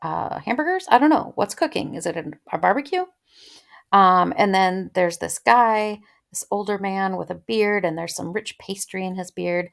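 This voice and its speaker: A woman's voice: mid-range voice, animated, moderate pace, vocal fry. A woman teaching literature in a casual close-reading lecture, chatting and thinking aloud with many ums.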